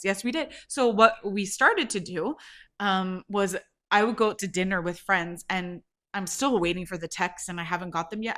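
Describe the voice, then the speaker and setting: A woman's voice: medium pitch, fairly bright tone. A woman hosting her own podcast, telling a rambling prank story in a casual way, laughing and swearing as she goes. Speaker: podcast host.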